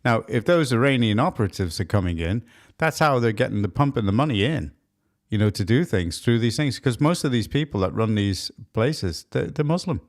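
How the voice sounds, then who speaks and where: A man's voice: medium pitch, expressive, a little fast. A man co-hosting a casual commentary show, musing and loosely phrased. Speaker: co-host.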